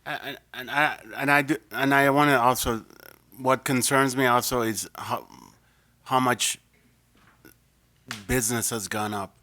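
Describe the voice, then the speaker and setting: A man's voice: medium pitch, fairly even intonation, measured pace, long pauses, sharp tone. A man speaking as a school board member at a public meeting, concerned and hesitant, restarting his sentences.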